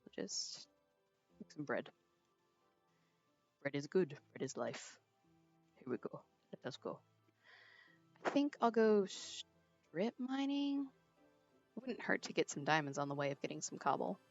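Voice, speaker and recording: Sitting low, her voice is animated and creaky, at a moderate pace with long pauses, no echo, and soft background music. She's a teenage streamer chatting during a game, telling a wandering story with lots of giggles, through a small, dull, lo-fi earbud mic.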